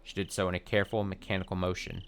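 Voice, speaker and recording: A man hosting a let's play, reading a visual novel's text aloud in a steady voice with short wry asides. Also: sits low, very fast, vocal fry, a little hiss or hum.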